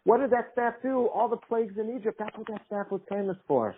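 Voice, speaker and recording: A man giving an earnest sermon, repeating phrases for emphasis and weaving in Hebrew terms, then leading a slow psalm recitation. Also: high-pitched, slight background noise. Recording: thin phone-line audio.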